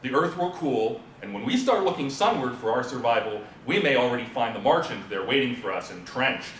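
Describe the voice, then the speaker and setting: Animated, fairly quick, and a bit bright, a man's voice carries through a symposium presentation room as he casually lectures with fillers, tells the audience a story, and asks them questions. A distant mic gives roomy sound with a faint rumble.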